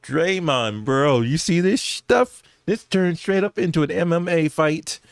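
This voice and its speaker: A man's voice: on the high side, a little slow, gravelly, clear, resonant tone, no room sound, studio quality. A man giving casual, slangy reaction commentary over basketball footage, laughing often and talking straight to his viewers. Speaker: YouTube sports commentator.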